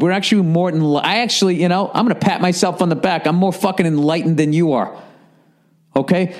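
A man's voice: fairly high pitch, darkish tone. A middle-aged man hosting his own podcast, ranting with profanity and sarcasm and reading listener emails aloud with running asides. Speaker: podcast host. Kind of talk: solo rambling podcast monologue.

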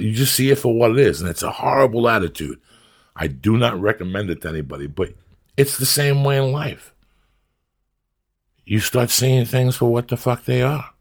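A middle-aged man, his voice deep and gravelly with a husky edge. He swears constantly and rambles bluntly from one story to the next in loose, casual podcast talk. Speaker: podcast guest, actor and comic. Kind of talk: casual chat.

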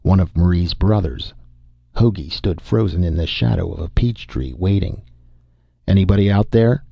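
Male audiobook narrator, very deep and husky, dry dull lo-fi sound. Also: expressive, normal speed, dry recording. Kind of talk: scripted narration.

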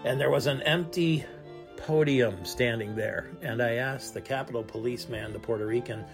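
A man's voice: mid-range voice, moderate pace. A man hosting a radio show, telling travel stories in a chatty, casual way with string music playing behind him. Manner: chatty storytelling. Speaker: radio host. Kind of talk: casual talk radio monologue. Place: aboard a cruise ship.

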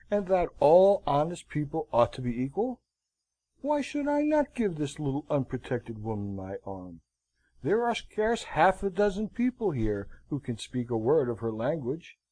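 Eager hot-headed young gentleman, as a man reads him. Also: a little high, pitched above the performer's own voice, poor audio. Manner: eager, indignant protests.

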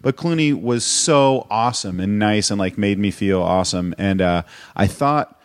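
A man's voice: lowish voice, animated, moderate pace, smooth. A man, a comedian guest, telling stories in casual podcast chat with a profane, mock-indignant manner.

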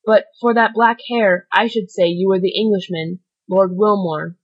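A woman's voice: mid-range voice, fairly even intonation, moderate pace, breathy edge, natural voice. Woman reading a dying crook, desperate, pleading, dull lo-fi audio. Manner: pleading, fervent. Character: dying desperate male criminal. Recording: dull lo-fi recording.

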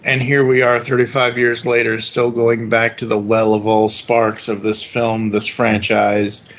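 A man's voice: mid-range voice, completely flat delivery, unhurried, fairly bright tone. A man hosting a podcast, chatting casually and enthusiastically, rambling with restarts. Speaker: podcast host. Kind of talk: casual fan chat.

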